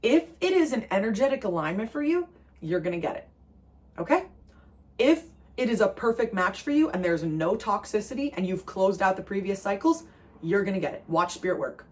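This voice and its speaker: A woman giving a channeled tarot reading to camera. She talks emphatically, repeats her phrases and jumps high in pitch when she gets excited. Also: a little fast. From New Jersey. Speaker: tarot reader.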